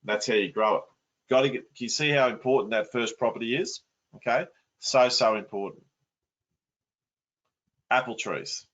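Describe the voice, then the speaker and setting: A man's voice: medium pitch, moderate pace, long pauses, a bit bright, muffled recording. A man coaching property investment in an online masterclass, blunt and colloquial.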